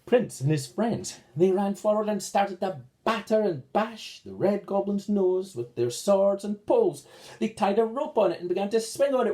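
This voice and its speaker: Slow, expressive male children's storyteller. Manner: slow, expressive read-aloud with sweeping pitch.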